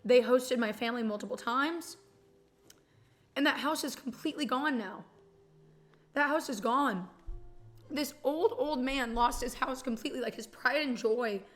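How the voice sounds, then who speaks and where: A young woman from Texas talks to her stream in a loose, rambling way. Her voice sits a little high, and she swears casually while getting tender and emotional. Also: unhurried, long pauses, soft background music. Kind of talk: casual chat.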